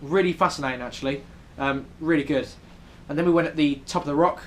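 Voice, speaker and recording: A man's voice: fairly high pitch, quick pace, slight background noise. A young man with a British accent, chatting casually in a travel vlog with lots of ums. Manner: chatty, many ums, rambling. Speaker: vlogger. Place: hotel room in New York City.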